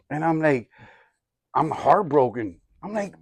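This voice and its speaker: A man in his forties tells his life story in a casual, animated way. He slips into streetwise slang and acts out each voice in the story. The sound is close and dry, with no room behind it. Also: mid-range voice, moderate pace, no room sound. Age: 40s. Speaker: guest sharing his testimony.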